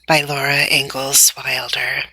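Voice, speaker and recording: Slow, gravelly woman reading a storybook. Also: very deep voice, level tone, sharp tone, no echo. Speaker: storybook reader. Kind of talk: reading a children's novel aloud.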